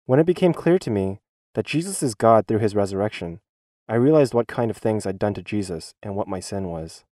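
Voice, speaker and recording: A man's voice: fairly low pitch, lively intonation, brisk, warm tone, dry recording. Earnest man reading a church testimony. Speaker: schoolteacher giving a church testimony. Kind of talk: dubbed testimony voice-over.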